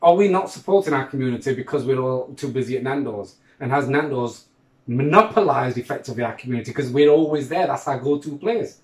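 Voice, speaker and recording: A man's voice: mid-range voice, fast. A man co-hosting a podcast in casual chat, teasing and laughing often. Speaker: podcast co-host. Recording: roomy echo.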